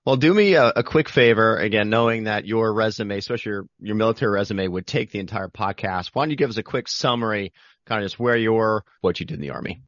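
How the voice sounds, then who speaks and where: Brief: energetic male podcast host, lower voice, dry close mic, slightly dull sound. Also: fast, no echo. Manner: upbeat, energetic, rambling. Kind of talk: casual interview.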